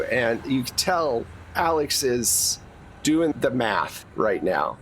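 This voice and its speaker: A man's voice: mid-range voice, sing-song, takes it slowly, a bit bright. A man narrating a tabletop game as game master. He describes scenes casually and swears freely, in an ordinary mid-range voice. A faint hiss sits underneath.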